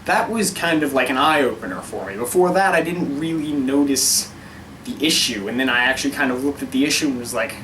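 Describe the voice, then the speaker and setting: A man's voice: mid-range voice, brisk, fairly bright tone, far from the mic, slight background noise, low-quality recording. A man talking casually to camera in a vlog, giving his opinions in a wry, rambling way and often interrupting himself. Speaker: vlogger.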